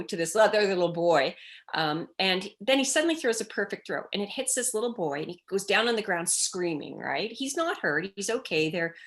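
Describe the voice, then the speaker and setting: Woman telling an animated story. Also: lowish voice. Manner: animated storytelling, acting out children's cries in quotes. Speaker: child development expert guest. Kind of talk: storytelling in a conversational interview.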